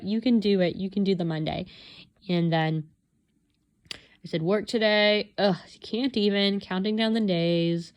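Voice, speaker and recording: A young woman talking casually through her journal pages, rambling and self-deprecating, with many filler words, and acting out her own thoughts in a higher voice. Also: a little slow. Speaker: vlogger.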